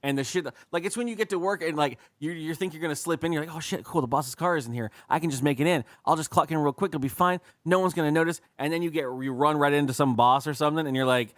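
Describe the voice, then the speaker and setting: A man's voice: on the high side, fast talker, hardly any pauses, a bit bright, no echo, clean studio sound. A man co-hosting a casual comedy podcast, rambling, swearing and acting out little bits. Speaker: podcast co-host.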